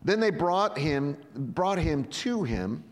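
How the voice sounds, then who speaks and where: A man preaches in an easy, talking way and slips into voices for the people in the story. His voice sits a little high for a man. A long reverb from a large hall trails behind each phrase. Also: sing-song, slow pace. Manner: conversational preaching that acts out the Bible scenes in quoted voices. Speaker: pastor. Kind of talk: sermon.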